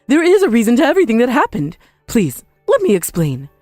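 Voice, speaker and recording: A woman's voice: a little high, huge pitch swings, warm tone, no room sound, studio quality, soft background music. A woman voicing a shameless older mother-in-law who blames everyone but herself, in a dramatized story. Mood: pleading. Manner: defiant, self-pitying, quick to blame.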